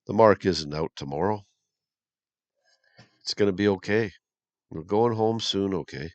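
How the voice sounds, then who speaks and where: A man from Canada who leads an online church, giving a gentle, folksy and reassuring talk after the news. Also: lowish voice, animated, measured pace, gravelly, long pauses, no echo, muffled recording. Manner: gentle, reassuring, folksy, repeats "you guys" and "okay". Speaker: online pastor. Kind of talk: informal online sermon with news.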